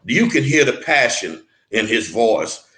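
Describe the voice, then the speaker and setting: A man's voice: mid-range voice, sing-song, unhurried, sharp tone, roomy sound, rough recording. A man interviewed as a mentor, talking earnestly and emphatically, often restarting and repeating words. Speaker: guest mentor.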